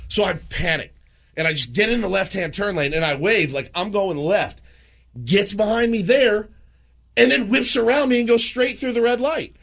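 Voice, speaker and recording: A man's voice: sits high, moderate pace, gravelly. A man in his thirties, co-hosting a radio morning show, telling a story with lots of acted-out voices. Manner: animated, acts out voices in his stories.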